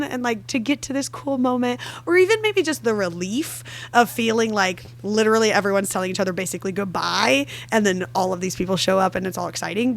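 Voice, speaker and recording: A young woman co-hosting a book club podcast, talking about the story in a gushing, emotional, animated way. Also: fairly high pitch. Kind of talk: casual book chat.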